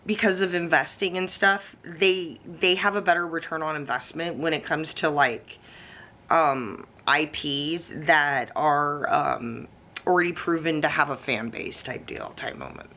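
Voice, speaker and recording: A woman with a lowish but bright, forceful voice chats loosely to her camera in a casual vlog. She wanders through her thoughts with plenty of ums and restarts, nibbling snacks and swearing now and then. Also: a little slow. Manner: rambling and chatty, with many fillers and restarts; eats snacks and sips coffee while talking. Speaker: vlogger. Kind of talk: casual talking-head vlog.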